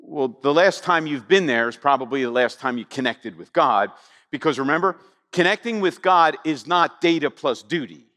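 A man preaching a sermon, animated and conversational, full of rhetorical questions to the congregation. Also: a little high, moderate pace, big-room sound. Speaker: pastor.

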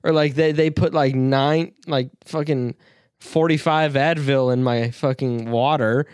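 A man's voice: medium pitch, steady tone, measured pace, darkish tone, clean tone, dry recording, studio quality. A man co-hosting a casual podcast chat, joking and swearing with frequent laughter. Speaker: podcast co-host.

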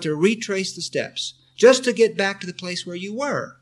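An earnest man speaks as a spiritual teacher, answering a question from his listeners. He sits a little high in pitch for a man. He keeps coming back to the same points and leads the group through spoken affirmations. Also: animated, normal speed, hardly any pauses.

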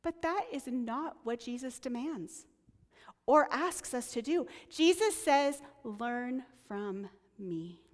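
High-voiced woman preaching, slow. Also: in a large hall. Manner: earnest, conversational, drops to soft near-whispers on key lines. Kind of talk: sermon.

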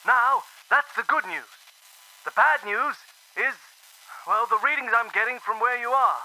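High, very bright crackly-radio scientist, frantic and urgent. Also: male voice, measured pace, heavily acted. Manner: urgent, warning. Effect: crackly old radio speaker.

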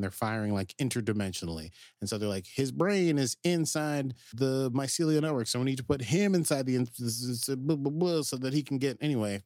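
A man's voice: mid-range voice, darkish tone, no room sound, studio quality. A man co-hosting a podcast, casually recapping an episode in a rambling way, full of fillers and acted-out quotes. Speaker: podcast co-host.

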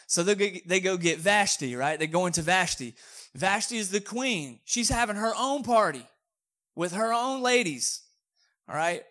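Guy preaching, joking around, kinda high voice. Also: expressive, normal speed, bright, forceful tone. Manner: casual, joking, conversational preaching. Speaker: pastor. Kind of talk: sermon.

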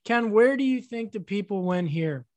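A woman's voice: medium pitch, animated, moderate pace, darkish tone, dry recording. A woman co-hosting a radio show, running a bracket game with playful, teasing banter. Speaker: radio co-host.

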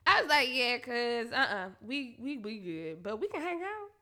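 A woman's voice: on the high side, moderate pace. A woman, candidly telling a profane story to her listeners, often laughing. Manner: profane, laughing, animated retelling.

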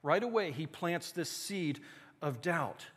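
A man's voice: a little high, slow, husky. A man preaching a sermon as pastor, telling stories animatedly with asides to the congregation. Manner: animated storytelling with rising excitement and asides to the congregation. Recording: long church-hall reverb.

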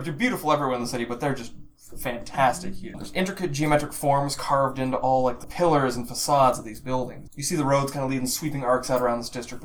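A man's voice: mid-range voice, a little hiss or hum. A man narrating as game master of a tabletop game, describing scenes with restarts and fillers.

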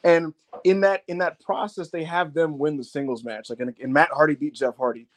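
Guy rambling on a wrestling podcast, kinda high voice, jokey. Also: steady tone, brisk. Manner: rambling, mocking impressions. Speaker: podcast co-host. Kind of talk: casual wrestling review chat.

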